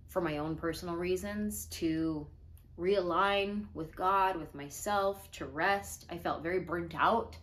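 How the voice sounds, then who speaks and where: A woman's voice: lowish voice, a bit bright. Chatty, slightly breathless woman vlogger. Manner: chatty, earnest, rambling. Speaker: comedian and video host. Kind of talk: casual talk to camera.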